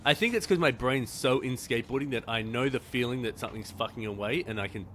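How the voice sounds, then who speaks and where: A man's voice: mid-range voice, fast talker, a bit bright, slight background noise. A man hosting a podcast interview, chatty and casual, full of fillers and the odd swear. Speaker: podcast host.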